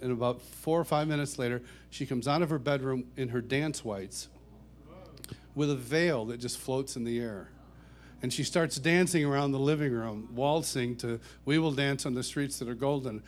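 A middle-aged man, a worship songwriter, telling personal stories to a church audience in a warm, chuckling, self-deprecating way. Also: medium pitch, normal speed. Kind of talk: anecdotal storytelling talk.

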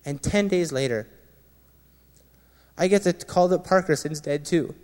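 A man, a former Marine, sharing an earnest personal testimony with a gathering, often dropping quiet and low at painful moments. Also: unhurried. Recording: long reverb of a large hall.

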